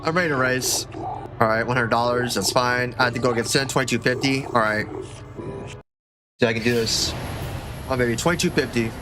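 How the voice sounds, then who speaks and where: A man giving casual gameplay commentary as a streamer, excitable and joking, swearing often. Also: mid-range voice, fairly quick, pauses often. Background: game music.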